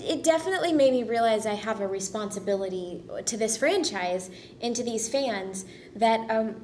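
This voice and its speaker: A woman's voice: a little high, slight background noise. A woman being interviewed as an actress, answering in a modest and grateful way. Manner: modest, warm and grateful, laughs easily. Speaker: voice actress and guest.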